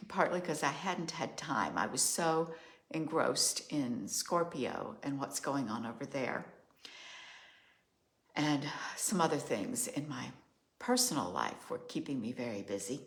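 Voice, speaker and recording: An older woman speaks slowly in a low voice, thinking out loud as she talks. Her musing, measured monologue has an astrologer's unhurried calm. The room around her adds a roomy echo. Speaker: astrologer host. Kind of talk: reflective solo monologue.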